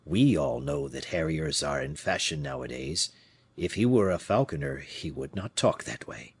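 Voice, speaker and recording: A man voicing a low, subdued old falconer. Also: lively intonation, moderate pace, fairly bright tone, slightly rough, exaggerated voice. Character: humble, regretful royal falconer, man.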